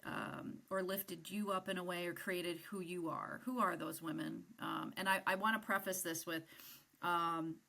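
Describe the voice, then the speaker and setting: A woman's voice: fairly low pitch, fairly even intonation, moderate pace, vocal fry, bright, forceful tone. A woman hosting a podcast, asking questions in a casual, friendly way and adding caveats before them. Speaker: podcast host. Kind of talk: interview questions and chat.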